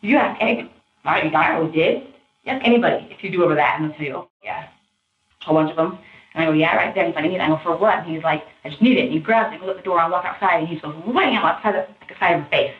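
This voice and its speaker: Woman in a police interview, tinny recording in an echoey room, low-pitched and animated. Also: racing. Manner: animated, pressured speech.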